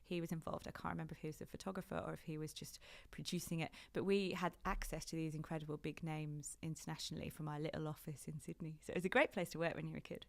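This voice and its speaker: A British woman in her thirties talks in a low, deep register as a podcast guest. She is chatty and animated and often laughs as she talks. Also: fast talker, creaky, few pauses. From Britain. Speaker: podcast guest, fashion journalist. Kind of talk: casual interview chat.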